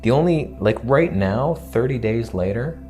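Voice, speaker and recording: A man's voice: medium pitch, lively intonation, measured pace, dark tone, soft background music. A man vlogging in a casual, candid and joking way, rambling from point to point. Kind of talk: casual vlog monologue.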